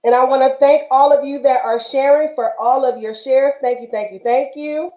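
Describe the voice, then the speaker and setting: A woman's voice: high-pitched, steady tone, moderate pace. A woman from the Bay Area hosting a craft livestream, talking casually and affectionately with lots of fillers. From Northern California, Bay Area. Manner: chatty, affectionate, many fillers. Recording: roomy, dull livestream audio.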